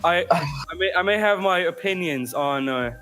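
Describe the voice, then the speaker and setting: A man's voice: high-pitched, normal speed, pushed and bright. A young man on a podcast, speaking bluntly and profanely in casual chat. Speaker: podcast guest.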